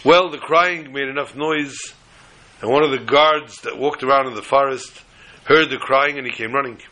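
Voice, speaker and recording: A man who teaches religion, telling a story in a sermon in an animated way. He scatters Hebrew and Yiddish terms through it. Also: medium pitch, moderate pace, rough recording.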